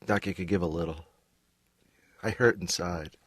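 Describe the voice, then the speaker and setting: A man's voice: low voice, moderate pace, fairly bright tone, no echo. A man voicing a neurotic, needy cartoon therapy patient who rambles and complains in a self-pitying way. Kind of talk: animated sitcom voice acting.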